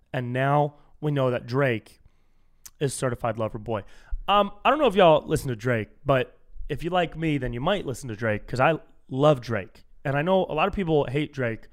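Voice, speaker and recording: A young man from California hosting a solo comedy podcast, telling casual stories and acting out strangers he quotes. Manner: animated storytelling, acts out quoted strangers in higher voice.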